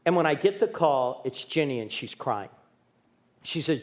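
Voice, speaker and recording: High-voiced older man preaching a story. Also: animated, moderate pace. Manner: vivid storytelling, acting out quoted voices, dropping low and quiet for serious moments. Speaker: pastor. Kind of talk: sermon storytelling. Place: church sanctuary. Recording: echoey church sanctuary.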